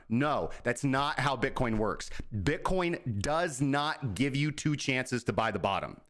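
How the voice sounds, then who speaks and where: A man's voice: fairly low pitch, expressive, moderate pace, fairly bright tone. Male crypto show host, casual and profane, rambling and self-deprecating. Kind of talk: casual market commentary.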